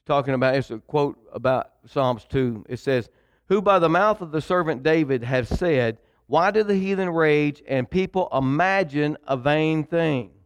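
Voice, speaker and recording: A man's voice: fairly high pitch, expressive, measured pace, clean tone. A male pastor preaching a sermon, emphatic and repetitive, calling on the congregation to read along. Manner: preaching with call-and-response to the congregation.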